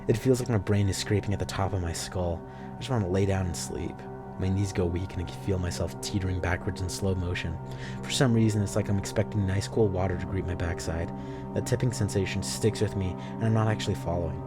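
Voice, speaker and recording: A male streamer reading a story game aloud, swearing freely and breaking off into excited reactions. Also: low-pitched, quick pace, faint music behind.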